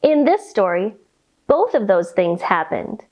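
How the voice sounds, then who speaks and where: A woman reading a picture book aloud and leading children through yoga poses in a slow, sing-song, animated way. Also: mid-range voice. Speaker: kids' yoga teacher reading a story. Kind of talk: storytime yoga lesson for children.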